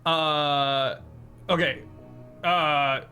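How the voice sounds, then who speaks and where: A game master running a tabletop game, relaxed and prone to laughing asides while describing the scene. The voice sits at a middling pitch. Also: extremely slow, faint music behind.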